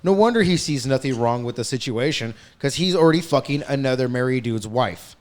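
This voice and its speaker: A man's voice: medium pitch, expressive, brisk. A man telling a story in casual podcast chat, heated and profane, speeding up in bursts. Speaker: podcast host.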